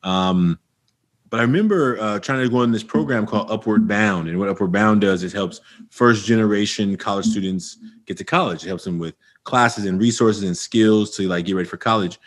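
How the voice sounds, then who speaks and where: A man's voice: fairly low pitch, a little fast. A middle-aged man from Oakland, California, telling his life story as a podcast guest and acting out old conversations with energy. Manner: animated storyteller acting out past dialogue. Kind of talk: storytelling interview.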